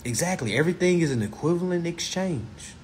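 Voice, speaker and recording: A man's voice: a little high, lively intonation, fairly quick, a little mellow, slight background noise. A man lecturing on a live stream, blunt and profane, who repeats his phrases for emphasis.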